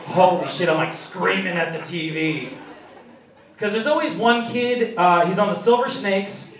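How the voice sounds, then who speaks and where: A young man in his twenties doing a profane, self-mocking stand-up comedy routine on a club stage, with an animated delivery. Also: high-pitched, a little slow, slight background noise. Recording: echoey comedy club, distant mic, loud crowd. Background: loud audience laughter.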